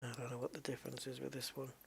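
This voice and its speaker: A man's voice: mid-range voice, completely flat delivery, rapid-fire, vocal fry, a bit bright, breathy edge. A man giving casual, rambling commentary while playing a flight game, thinking aloud and chuckling at jokes. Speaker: gaming channel host.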